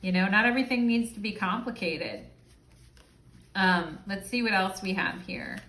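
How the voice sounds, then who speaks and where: A woman gives a casual tarot reading in an easy, chatty way. She swears freely and keeps checking in with her listeners. Her voice sits at a middle pitch and carries a roomy echo. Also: normal speed, a bit bright. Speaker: tarot reader.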